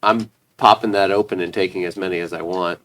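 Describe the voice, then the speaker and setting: A man's voice: deep voice, steady tone, a little fast, a bit bright. A man playing a tabletop game with friends, wry and bantering. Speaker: player. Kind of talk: casual tabletop play.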